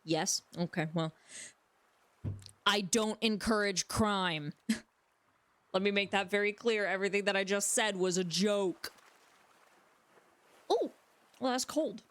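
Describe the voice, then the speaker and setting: A woman's voice: mid-range voice, takes it slowly, long pauses, fairly bright tone. Rambling, joking woman streamer. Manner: rambling, joking, talks to chat. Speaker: livestreamer. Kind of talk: casual stream chat. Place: home room.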